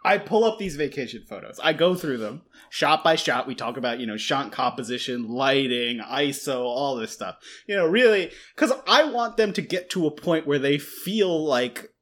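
A man's voice: on the high side, moderate pace, hardly any pauses. A man ranting with comic exasperation about his work, swearing now and then and slipping into quoted voices. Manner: animated, exasperated storytelling with swearing. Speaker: radiologist in a comedy sketch. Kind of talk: deadpan comedic chat.

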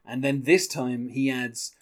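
A man in casual talk about a song, rambling with many fillers and reading lyrics in a soft, lowered voice. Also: steady tone, measured pace. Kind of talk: casual music discussion.

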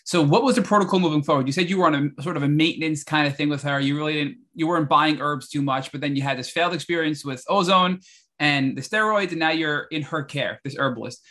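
A man's voice: a little high, fast talker, a bit bright. A man hosting an interview, recapping the guest's story and asking eager follow-up questions. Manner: enthusiastic, apologetic interruptions, recapping. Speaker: podcast host.

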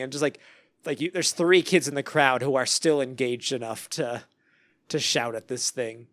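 A man hosting a casual podcast chat, animated and laughing, mockingly reading lyrics aloud. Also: medium pitch, brisk, no echo. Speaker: podcast host.

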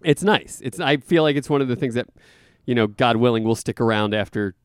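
A man's voice: mid-range voice, brisk, clean tone, no echo, studio quality. A man co-hosting a podcast, chatting casually and acting out funny quotes as he tells a story. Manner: playful storyteller, acts out quotes. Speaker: podcast co-host. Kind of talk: casual chat.

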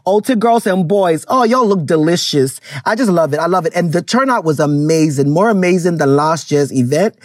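A Ghanaian woman hosts her own podcast in a loose, chatty monologue, her voice jumping up and down in pitch as she exclaims. She slips between English and Twi. The sound is dry and close, with no room echo. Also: expressive, moderate pace, few pauses. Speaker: podcast host. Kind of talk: casual solo podcast monologue.

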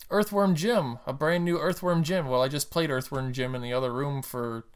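A man's voice: fairly high pitch, moderate pace, clean tone. A man co-hosting a casual podcast, rambling about TV and games with dry jokes and trailing restarts. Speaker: podcast co-host.

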